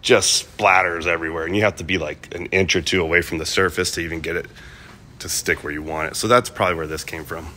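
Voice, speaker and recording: A man's voice: low voice, fairly even intonation, quick pace, pushed and bright, slight background noise. A man vlogging casually about restoring his car, rambling with lots of fillers and restarts. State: coughing, clearing his throat. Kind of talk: casual talk to camera.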